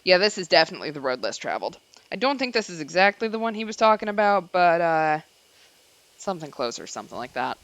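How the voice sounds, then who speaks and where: A woman's voice: lowish voice, big pitch swings, quick pace, no room sound. A woman streamer giving chatty let's-play commentary with self-deprecating asides. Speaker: gaming streamer.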